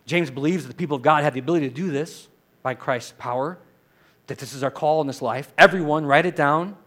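A man preaching a sermon as pastor, earnest, moving from quiet reflection to loud emphatic repetition and leading the congregation to repeat lines after him. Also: on the high side, fast. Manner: leads the congregation in call-and-response.

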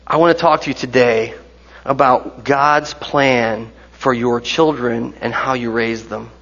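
A man's voice: mid-range voice, fairly even intonation, unhurried, fairly bright tone. A man in his forties preaching a sermon in a church, conversational, with joking asides and rhetorical questions. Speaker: pastor. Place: church sanctuary. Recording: dull sound with long hall reverb.

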